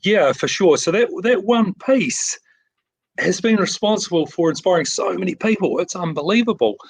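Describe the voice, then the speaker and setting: A man's voice: high voice, expressive, normal speed, gravelly, breathy edge, no room sound, low-quality recording. Modest New Zealand man on a video call. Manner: modest, rambling, many fillers and restarts. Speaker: framing shop owner. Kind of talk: casual interview.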